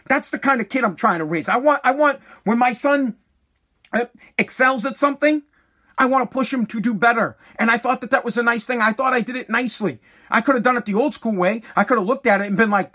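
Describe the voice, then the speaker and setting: A man's voice: extremely high pitch, quick pace, bright, forceful tone. A man in his thirties telling a casual story about his son, blunt and swearing freely. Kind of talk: casual monologue.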